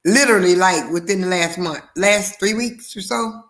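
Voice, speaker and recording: A woman's voice: fairly low pitch, moderate pace, fairly bright tone. A woman chatting casually on a video call, rambling and laughing easily.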